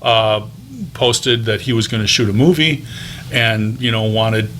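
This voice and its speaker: A man's voice: on the low side, fairly even intonation, measured pace, a bit bright, a little hiss or hum. A man in his fifties, a teacher turned voice actor, telling stories from his career as an interview guest in a chatty, anecdotal way. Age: 50s. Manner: chatty anecdotal telling with frequent ums and restarts. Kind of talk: casual interview storytelling.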